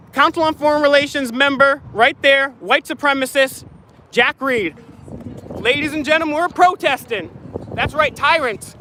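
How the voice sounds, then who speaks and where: A man with a very high, bright and forceful voice rants and heckles at a protest, filming himself on a handheld phone outdoors. His delivery is accusatory and combative, and faint outdoor noise sits behind him. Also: rough recording. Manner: heckling, accusatory, shouting boos. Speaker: activist vlogger filming a protest. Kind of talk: live protest vlog commentary. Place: outdoors at a public event. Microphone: phone held while filming.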